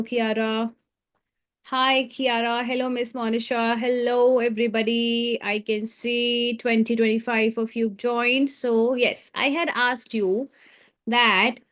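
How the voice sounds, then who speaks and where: A woman leads a live online creative writing class for children. Her voice sits a little high, and she keeps drawing the viewers in with questions and encouragement.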